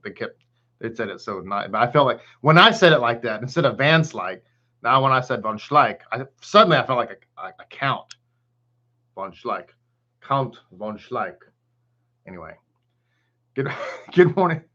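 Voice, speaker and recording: Chatty Texan rabbi greeting viewers. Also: male voice, mid-range voice, bright, forceful tone, muffled recording. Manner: chatty, greets viewers by name, hums and laughs between thoughts. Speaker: rabbi teaching Torah. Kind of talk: casual online Torah class.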